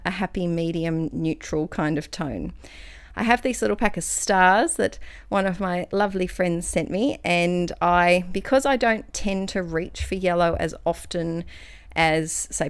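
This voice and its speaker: A woman's voice: fairly low pitch, smooth. A young Australian woman narrating her scrapbooking video in a chatty, rambling way, restarting phrases and slightly out of breath. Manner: chatty, rambling, self-correcting. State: a little out of breath. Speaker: craft vlogger.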